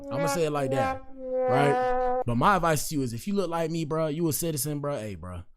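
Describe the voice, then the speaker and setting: A man's voice: a little high, big pitch swings, over loud music. Slangy man hosting commentary. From Miami, Florida. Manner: loose, slangy, joking, drawn-out asides. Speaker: podcast host. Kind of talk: casual commentary show.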